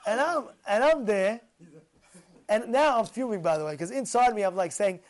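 Animated high-voiced man telling a sermon story. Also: moderate pace. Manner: animated, repeats phrases for emphasis. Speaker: Torah teacher.

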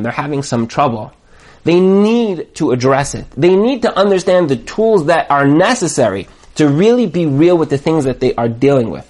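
Animated high-voiced man giving a motivational talk. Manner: animated, acts out quoted voices. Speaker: marriage coach.

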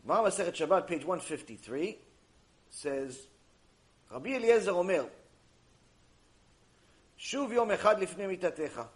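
High-voiced man giving an animated Torah talk. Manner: animated, acts out dialogues, reads Hebrew quickly. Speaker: Torah teacher. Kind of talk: mussar lecture.

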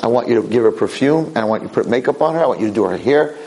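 A man's voice: medium pitch, expressive, very fast, warm tone, a little hiss or hum, lightly acted, poor audio. A man voicing a young king in a spoken parable, firm and insistent. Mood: commanding. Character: young male king, calm and commanding.

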